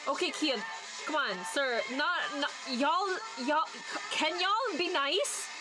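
A woman's voice: high voice, lively intonation, slow, low-quality recording. A young woman reacting to a music video, gushing and flustered, with music playing behind her. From Canada. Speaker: reaction vlogger.

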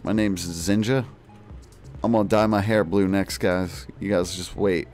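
A man's voice: low-pitched, fairly even intonation, measured pace, darkish tone, soft background music. A man doing parody streamer commentary over gameplay, boastful and mock-serious, full of jokey slang. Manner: jokey slang-filled patter. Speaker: gaming video creator.

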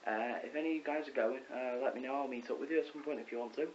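Excitable teenage boy rambling in his bedroom. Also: medium pitch, very fast. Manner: rambling, excitable, chatty, many ums and self-corrections. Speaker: vlogger. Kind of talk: casual rambling vlog. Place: bedroom at home. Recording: dull lo-fi with faint hiss.

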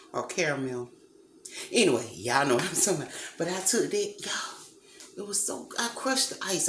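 Woman, casual vlog chatter, rambling, talks straight to viewers, echoey kitchen, faint background hum. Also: low-pitched. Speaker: vlogger. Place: kitchen at a workplace, lights off.

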